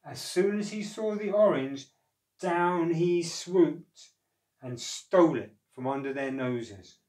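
A man reading a children's storybook aloud in a slow, gentle, expressive way. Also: on the high side. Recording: echoey room, distant mic.

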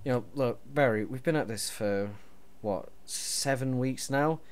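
A man's voice: medium pitch, unhurried, clean tone. Exasperated nitpicking young man ranting. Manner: exasperated, nitpicking, swearing, escalating rants. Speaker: let's play co-host. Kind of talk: casual gameplay banter.

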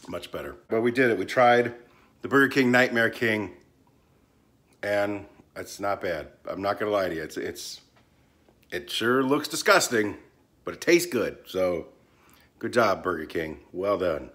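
A man casually reviewing a fast-food sandwich, hesitant and often trailing off while he chews. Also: on the low side, animated, a bit bright. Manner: hesitant, trailing off and restarting as he reacts; talks while chewing at times.

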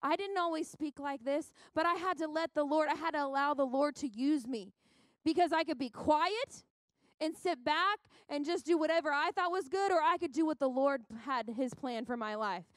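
A woman's voice: high-pitched, normal speed, no room sound. A young woman pastor preaching at a women's conference, fervent and exhorting, with lots of repetition. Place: church sanctuary.

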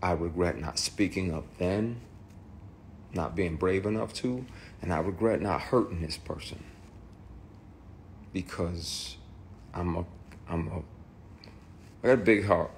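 Deep-voiced man telling a raw story. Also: measured pace, long pauses, slight background noise. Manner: emphatic, raw and swearing, with restarts. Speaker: actor. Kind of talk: candid personal testimony.

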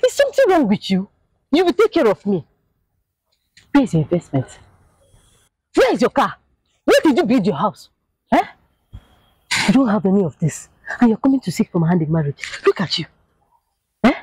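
A woman's voice: mid-range voice, slightly rough, no echo, poor audio. An actress with a Nigerian accent playing a proud young village woman who scolds and mocks an unwanted suitor in a film drama. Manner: loud, scornful, scolding. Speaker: daughter who has left her marriage. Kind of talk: Nollywood film acting.

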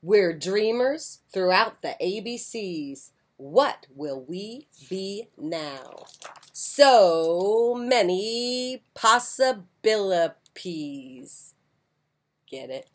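A woman reading a children's picture book aloud with an expressive voice, breaking off for soft, chatty asides. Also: mid-range voice, extremely slow. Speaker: children's story reader. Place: porch, outdoors.

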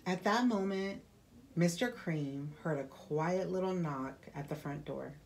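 A woman librarian reading a children's picture book aloud with expressive storytelling. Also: lowish voice, a little slow, vocal fry.

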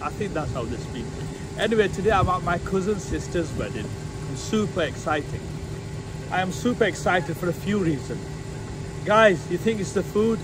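A chatty, excitable man talks casually to his camera, calling his viewers guys. His voice sits a little higher than usual. Clear street and traffic noise runs behind him. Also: normal speed. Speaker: vlogger.

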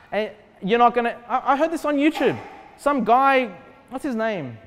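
High-voiced male pastor preaching casually in a church hall, lots of asides to the congregation. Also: expressive, normal speed. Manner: conversational preaching, many rhetorical questions and asides. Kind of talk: sermon. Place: church sanctuary. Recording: long church hall reverb.

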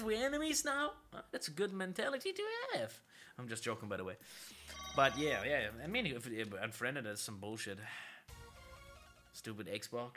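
Excitable male streamer over game music. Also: on the high side. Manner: excitable, animated, chatting to viewers, swears casually. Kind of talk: live gameplay commentary. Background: arcade racing game music.

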